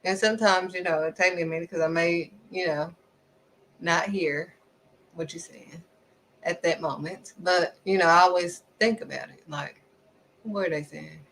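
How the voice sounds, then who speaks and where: A woman giving a casual, faith-driven motivational talk, acting out quick back-and-forth exchanges and repeating pointed questions at the listener. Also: lowish voice, a little hiss or hum, rough recording. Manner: animated, acts out little back-and-forth exchanges. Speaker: faith vlogger.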